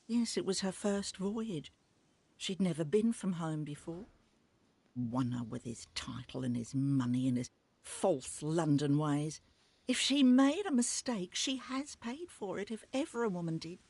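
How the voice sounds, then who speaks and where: A woman's voice: on the low side, measured pace, darkish tone, breathy edge, dry recording. An actress voicing a loyal female servant in a period video game, speaking formally with bitter contempt for her late master.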